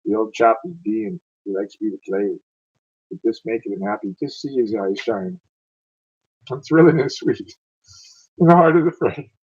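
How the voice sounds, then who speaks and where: Wounded young Scottish piper, male, husky and deep-ish, slow and earnest; man doing a put-on Scots voice; lo-fi home recording. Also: darkish tone. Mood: proud.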